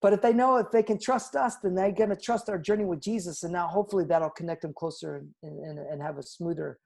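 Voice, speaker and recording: A man in his forties, a father being interviewed, speaking earnestly and reflectively, often trailing off quietly. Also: high voice, fairly even intonation, fast talker, creaky. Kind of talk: candid interview storytelling.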